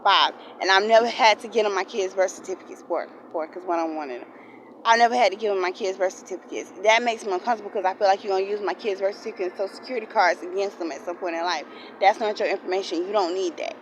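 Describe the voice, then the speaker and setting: A woman's voice: mid-range voice, fast talker, slight background noise, low-quality recording. A young woman, ranting heatedly in a storytime vlog, swearing often and repeating herself. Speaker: vlogger. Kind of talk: angry storytime rant.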